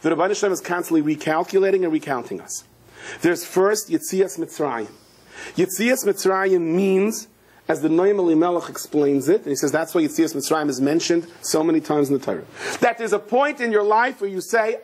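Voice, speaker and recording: Husky rabbi giving an animated lecture. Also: male voice, a little fast. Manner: acts out the characters in a story with sudden high, shouting outbursts; sprinkles Hebrew and Yiddish terms into his English. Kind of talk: animated Torah lecture with storytelling.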